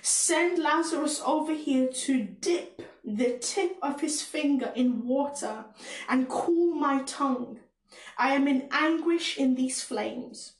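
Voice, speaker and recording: A woman reads as a rich man begging from flames, his voice high and pleading with a Caribbean accent. The reading is slow, in a roomy, echoing space. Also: exaggerated voice. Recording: roomy echo.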